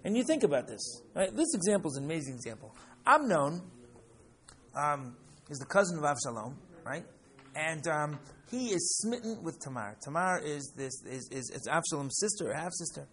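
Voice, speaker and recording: A man teaching a class, lecturing in an animated way and often checking in with "right?" while acting out examples. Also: fairly high pitch, normal speed. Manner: animated, keeps asking "right?"; acts out examples with rising excitement.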